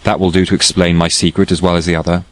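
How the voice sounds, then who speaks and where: A headstrong young woman pours out her feelings in a declaiming, impassioned rush, as a man reads her part in an audiobook. The voice sits a touch higher than his own deep, low register. The recording is dry and close, with no room around it. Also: little pitch movement, fast, dry recording, lightly acted, low-quality recording. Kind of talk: audiobook character reading.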